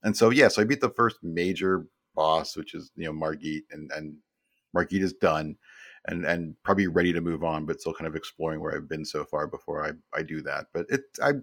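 A man's voice: extremely low pitch, steady tone, fairly quick, no echo, clean studio sound. A man in his fifties, a guest telling stories in a casual interview, rambling and doubling back to repeat words.

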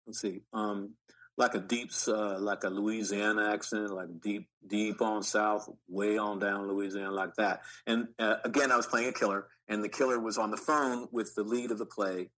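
A middle-aged man, an actor guest, telling animated stories in an interview with frequent restarts. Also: fairly low pitch, rough recording. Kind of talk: storytelling interview.

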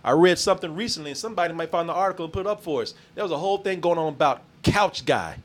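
A man's voice: on the high side, rapid-fire. A man hosting a casual podcast chat, a loose, profane storyteller who laughs often. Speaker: podcast host.

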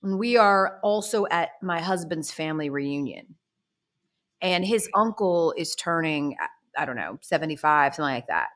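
A woman in her thirties hosts a casual podcast chat. She tells stories with sarcastic asides, and her pitch swings widely. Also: moderate pace. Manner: animated, chatty storytelling with sarcastic asides. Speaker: podcast host.

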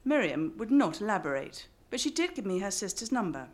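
A woman's voice: medium pitch, sing-song, fairly quick. An English woman reading her memoir aloud to a live audience, with wry joking asides between passages. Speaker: author.

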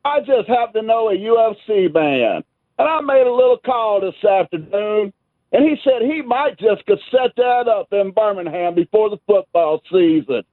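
Man on a phone line, very high voice, brash challenge rant. Brief: loud hype caller. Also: lively intonation, normal speed, dry recording. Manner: brash, hypes a fight. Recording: dry tinny phone line.

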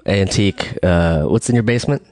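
A man's voice: low-pitched, brisk, darkish tone, no echo. A man hosting a comedy podcast who breezily introduces the people on it. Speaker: podcast host. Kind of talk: casual chat.

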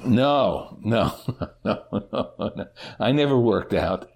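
A middle-aged man, a teacher, answering interview questions about his life in a halting way, often restarting and repeating words. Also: mid-range voice, expressive, vocal fry, darkish tone, breathy edge.

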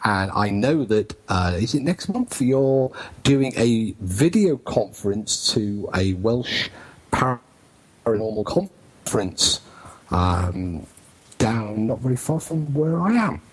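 Husky guy hosting a radio show, cracks jokes, trips over his words a lot. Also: on the low side, very animated, slow, poor audio. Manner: joking, rambling with restarts. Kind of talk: live internet radio chat.

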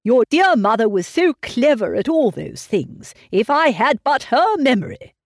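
A woman puts on a fretful, fussy old gentleman in a storybook reading, his worried, plaintive voice swinging up and down in lively turns. His lines are often drawn out slowly, and the sound is dry and close. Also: on the high side, no echo, heavily acted. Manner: plaintive, sighing, fussing over family. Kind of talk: audiobook reading of a classic novel.

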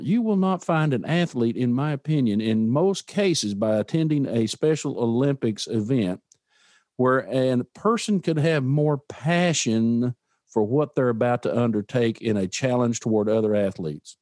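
A man's voice: medium pitch, expressive, measured pace, a little mellow, no room sound, clean studio sound. A man giving an earnest, emphatic motivational talk and repeating his key words for effect. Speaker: motivational speaker.

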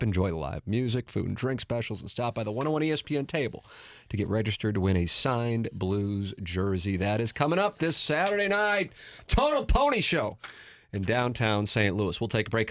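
A man hosting a sports radio show, joking with callers and reading ad spots. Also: on the low side. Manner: lively and jokey, reading ads briskly. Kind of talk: sports radio talk and live reads.

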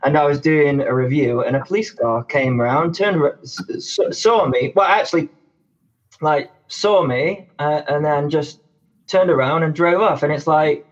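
A man's voice: fairly high pitch, normal speed. Teasing man on a dull line. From north of England. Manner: teasing, interrupting banter. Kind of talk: casual chat.

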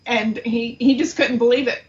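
A middle-aged woman, a guest on a talk show, telling a painful story in an earnest, halting way. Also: fairly high pitch, steady tone, muffled recording. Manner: earnest, grief-stricken, halting. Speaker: guest, aunt of the subject. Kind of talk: emotional interview storytelling.

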